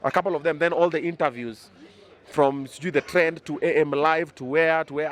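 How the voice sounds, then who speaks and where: A Kenyan man in his thirties being interviewed outdoors, chatting casually and boastfully, mixing in Swahili words. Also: fairly high pitch. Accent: Kenyan English. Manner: animated, boastful, quick bursts. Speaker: media personality interviewed.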